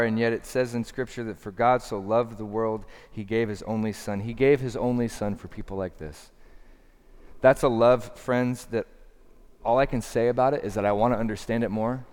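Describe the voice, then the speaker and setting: A man preaching a sermon as a pastor, swinging from loud emphatic bursts to hushed, slow lines. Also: lowish voice. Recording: long hall reverb.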